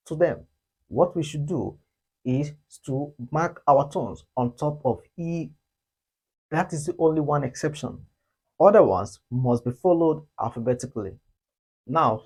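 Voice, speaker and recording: A man's slightly high voice leads a pronunciation lesson at an unhurried pace. He explains each point carefully, then calls out sample sounds clearly for the listener to repeat after him. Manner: slow, deliberate, repeats model sounds loudly for students. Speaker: language teacher.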